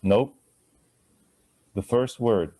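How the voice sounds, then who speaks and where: A man's voice: fairly low pitch, extremely slow, dark tone, breathy edge. A man teaching a live Sanskrit class, chatty and asking students to repeat sounds after him.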